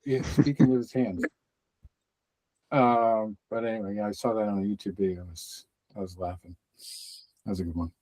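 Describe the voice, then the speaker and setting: A man's voice: on the low side, fairly even intonation, moderate pace, pauses often, darkish tone, no echo, poor audio. Chatty male podcast host, dry sound. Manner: rambling, chatty, frequent fillers. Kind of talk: casual fight-sports chat.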